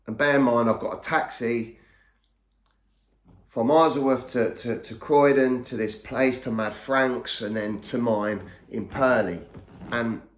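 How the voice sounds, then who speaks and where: A man's voice: medium pitch, steady tone, a little slow. A middle-aged man telling his own story in a casual, rambling way, often repeating and restarting words. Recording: echoey room.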